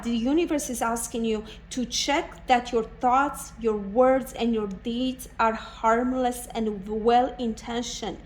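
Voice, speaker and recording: A woman's voice: fairly high pitch, low-quality recording. A woman doing a pick-a-card tarot reading, speaking in an earnest, encouraging way and often repeating herself. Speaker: tarot reader.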